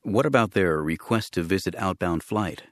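A man doing a courteous Jedi master with a calm, polite and even manner, his low voice steady in a storybook reading. The sound is close and dry. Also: moderate pace, no room sound.

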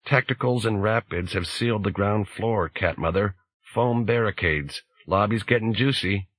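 A man voicing a male radio link operator who relays orders in a brisk, matter-of-fact way. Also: lowish voice, fairly bright tone, dry recording.

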